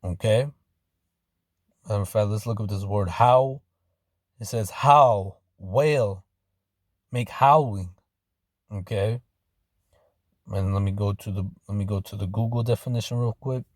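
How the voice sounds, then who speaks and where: A man preaching in loose street slang, his voice sitting low and close with almost no room around it. He keeps dropping "man" and "okay" between thoughts. When he reads scripture, he slows down and leans in loud. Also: steady tone, no echo. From Arizona, United States. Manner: reads scripture slowly and loudly. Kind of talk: informal sermon with scripture reading.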